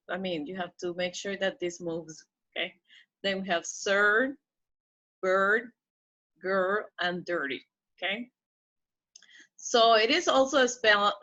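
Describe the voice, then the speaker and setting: Slow, bright-voiced woman teaching pronunciation. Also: medium pitch. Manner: patient, repeats and drills example words. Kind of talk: recorded online lesson. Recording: slightly dull lo-fi audio.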